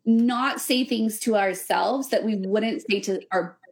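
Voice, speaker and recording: On the high side and unhurried, this voice belongs to a young adult woman, a weightlifting coach who runs women's camps. She chats on a casual podcast, earnest and rambling, with plenty of fillers.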